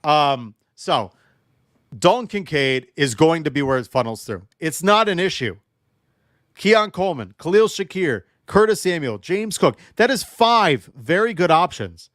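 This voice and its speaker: A man's voice: fairly high pitch, big pitch swings, measured pace, fairly bright tone, dry recording, clean studio sound. Fired-up man ranting about football. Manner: emotionally charged, ranting, joking with chat. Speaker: sports show host. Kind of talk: livestream football analysis.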